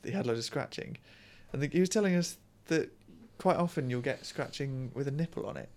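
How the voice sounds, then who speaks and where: A man chats on a casual podcast, telling offbeat, rambling anecdotes. His delivery is animated, and his pitch swings widely as he talks. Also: fairly quick. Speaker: podcast co-host.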